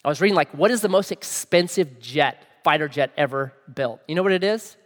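A pastor preaches a sermon in a conversational manner, often asking his listeners questions. His voice is a little high, animated, brisk and fairly bright in tone, heard in a large hall.

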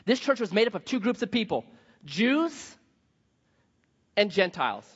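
Man preaching in a church hall, animated storytelling, high voice, big echo, kinda dull sound. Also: measured pace, breathy edge. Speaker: pastor. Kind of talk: sermon.

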